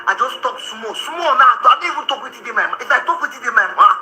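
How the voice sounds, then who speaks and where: A man with a Nigerian accent ranting in a vlog, loud and combative, often breaking into laughter and shouts. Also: very high voice, lively intonation, fast talker, reverberant, rough recording. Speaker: social media commentator.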